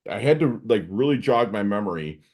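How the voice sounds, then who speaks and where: Lively, slangy American host, low voice. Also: male voice, brisk. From United States. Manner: loose, rambling, slangy. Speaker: podcast host. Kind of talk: casual interview chat.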